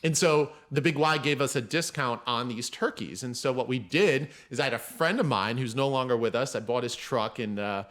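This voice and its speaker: A man's voice: normal speed, few pauses. A man guesting on a podcast, telling a story in casual chat and acting out the people he quotes. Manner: animated, acts out quoted people with raised pitch. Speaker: podcast guest, mindset coach.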